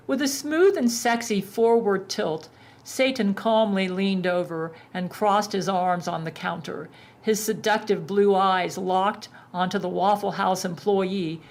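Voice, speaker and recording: Woman reading a story deadpan. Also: medium pitch. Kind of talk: storybook narration.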